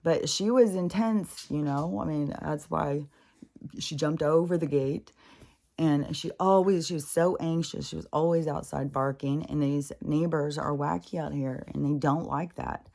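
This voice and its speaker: A woman's voice: deep voice, a little slow, creaky, mellow. A middle-aged woman at home, talking frankly and rambling in a casual, profane chat for her spiritual vlog. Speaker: spiritual vlogger.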